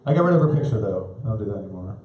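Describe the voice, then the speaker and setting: A man in his thirties doing live stand-up comedy on a club stage, rambling and self-deprecating, with halting restarts. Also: lowish voice, big pitch swings, darkish tone. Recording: roomy live club recording.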